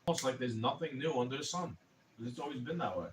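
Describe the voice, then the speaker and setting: A man's voice: medium pitch, fast, recorded from a distance, a little hiss or hum, rough recording. A man in his twenties, ranting profanely and heatedly in a casual livestream. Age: 20s. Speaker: streamer.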